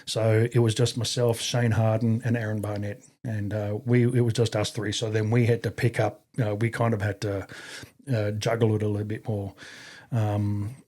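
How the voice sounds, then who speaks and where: A man's voice: lowish voice, flat delivery, moderate pace, mellow. A middle-aged Australian man, an army veteran, telling stories in a rambling casual way with many fillers and restarts. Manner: rambling, frequent fillers and restarts, acts out quoted voices. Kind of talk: casual storytelling.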